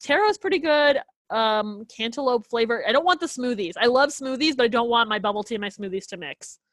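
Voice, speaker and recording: A woman's voice: on the high side, lively intonation, fairly quick, a bit bright, no room sound. A young woman in her twenties, a podcast guest, chatting casually over a video call in a bubbly, giggly way with lots of filler words. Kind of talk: casual interview chat. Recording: dry video call audio.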